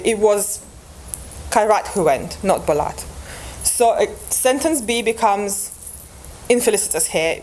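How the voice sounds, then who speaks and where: A woman's voice: mid-range voice, slight background noise. A woman presenting linguistics research at an academic conference, explaining step by step with frequent restarts and fillers.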